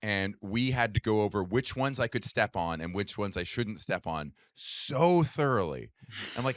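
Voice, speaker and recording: A man co-hosting a comedy podcast in casual chat, quick and wry with a joking manner. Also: on the low side, animated, a bit bright, no room sound, studio quality.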